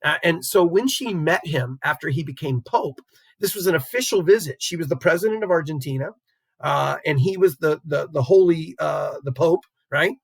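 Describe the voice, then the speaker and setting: A man's voice: on the high side, moderate pace, vocal fry, husky, no room sound. A man teaching a recorded geography lecture in a conversational way, often checking in with "right?" and chuckling as he explains. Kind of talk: recorded classroom lecture over slides.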